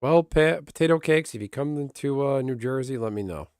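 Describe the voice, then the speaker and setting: A man's voice: medium pitch, moderate pace, darkish tone, clean tone, no echo, studio quality. A man streaming and chatting casually with viewers in a rambling way, often laughing. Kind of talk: casual livestream chat.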